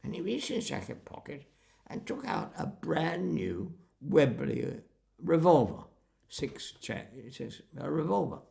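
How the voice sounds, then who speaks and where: An older man being interviewed, reminiscing in an animated storytelling way. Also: mid-range voice, a little slow, creaky. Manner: animated storyteller acting out quotes. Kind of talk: reminiscing conversation.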